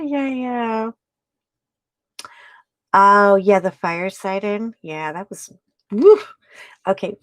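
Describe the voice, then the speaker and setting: With a slightly high voice and no echo, this woman hosts a live stream and crafts while talking loosely with her viewers. She tends to ramble, laughs a lot and drops off mid-sentence.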